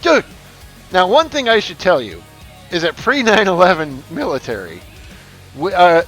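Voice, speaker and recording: A man's voice: high voice, very animated, normal speed, soft background music. A man in his forties who streams, telling a story casually with a rambling, profane delivery full of restarts.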